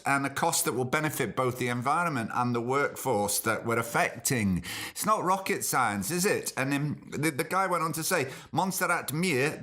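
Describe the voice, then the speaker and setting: A man's voice: medium pitch, sharp tone. A middle-aged man from the UK hosting a podcast, reading news items and adding indignant, opinionated asides and rhetorical questions. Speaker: podcast host.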